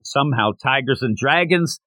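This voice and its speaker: A man's voice: medium pitch, normal speed, dry recording. A man hosting a casual manga review podcast, retelling scenes with energy and acting out the characters' lines. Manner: animated, acts out characters while retelling. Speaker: podcast host.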